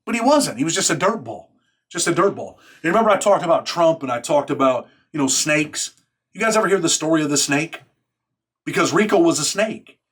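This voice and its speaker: Brief: New man, blunt and streetwise, slightly high-pitched storyteller. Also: animated, fairly quick, a bit bright, slightly rough. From New York. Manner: blunt, profane, street talk. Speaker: YouTuber recounting prison life. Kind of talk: casual storytelling monologue.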